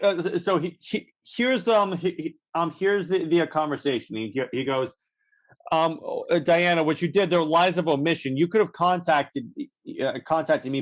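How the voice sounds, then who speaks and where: A man co-hosting a podcast, casually recapping a comic with many restarts and acted-out quotes. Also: a little high. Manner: rambling, many restarts, acts out lines. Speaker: podcast co-host.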